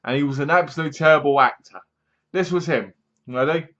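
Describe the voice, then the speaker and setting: A man's voice: a little high, a little fast, fairly bright tone. Sarcastic man reviewing a horror film. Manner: sarcastic, mocking, acts out scenes. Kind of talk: casual spoken movie review. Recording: dull lo-fi sound.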